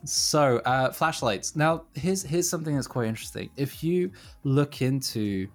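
A man co-hosting a relaxed podcast in a mid-range voice. He rambles through his points with restarts and laughs at himself. Faint music sits quietly behind him. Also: medium pitch, a little slow. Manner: rambling, self-deprecating, laughs often. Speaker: podcast co-host. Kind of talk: casual podcast chat.

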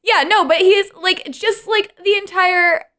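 A woman's voice: extremely high pitch, steady tone, measured pace, bright, forceful tone. A young woman co-hosting a podcast in casual chat, rambling and laughing often as she acts out quotes. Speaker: podcast co-host.

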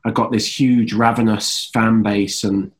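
A man's voice: on the low side, unhurried. A man in his thirties with an English accent, a guest actor chatting easily in an interview, telling stories with loose fillers. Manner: relaxed, easygoing storytelling with fillers. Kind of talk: casual interview chat.

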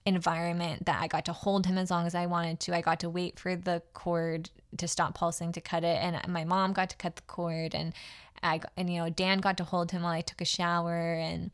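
A woman's voice: on the low side, level tone, brisk. A young adult woman hosting her own podcast, telling a personal story in a casual, heartfelt way with many fillers and restarts. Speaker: podcast host.

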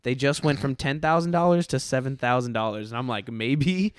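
A man's voice: mid-range voice, fast talker, clean tone, no room sound, studio quality. A man as a guest in a casual chat, an eager, laughing storyteller.

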